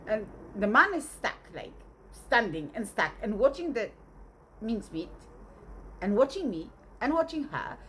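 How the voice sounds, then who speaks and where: A woman's voice: fairly high pitch, a little slow, slight background noise. A woman casually telling a long, rambling story with lots of fillers. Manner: rambling, animated, full of fillers.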